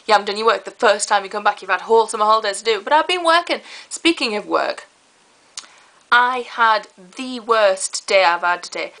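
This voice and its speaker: A teenage girl, chatting to camera in a rambling, lively way. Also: mid-range voice, low-quality recording. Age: teens. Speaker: vlogger. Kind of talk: casual chat to camera.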